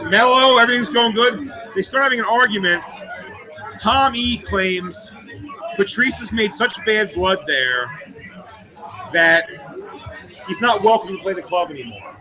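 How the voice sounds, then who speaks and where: High-voiced man telling a profane story. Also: measured pace, long pauses, music in the background, low-quality recording. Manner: profane, rambling, with restarts. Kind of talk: anecdotal storytelling in a documentary interview.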